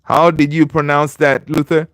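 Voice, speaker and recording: A man's voice: on the high side, level tone, normal speed, fairly bright tone, clean tone, dry recording. Dry-sounding casual livestream host man. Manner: loose and chatty, many fillers, reads viewer comments aloud and greets viewers by name. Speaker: livestream host of a football fan channel.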